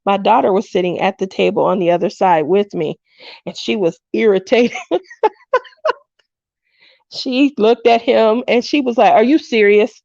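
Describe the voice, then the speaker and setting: A woman's voice: mid-range voice, measured pace, vocal fry, pauses often, a little mellow, no room sound, highs cut off. A woman in her fifties hosting a craft livestream, chatting casually and telling stories with frequent laughs, acting out what people said. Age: 50s. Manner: chatty storyteller who laughs often and acts out quotes.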